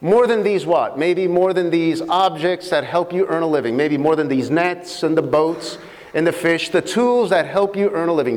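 Lively high-pitched preacher man, reverberant hall. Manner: expressive, reads scripture with dramatic pauses. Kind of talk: sermon with scripture reading.

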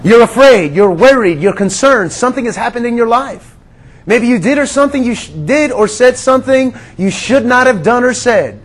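High-voiced earnest male preacher. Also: animated, normal speed. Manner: earnest, drops to a hush on quiet words; conversational, addresses listeners as friends. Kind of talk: sermon.

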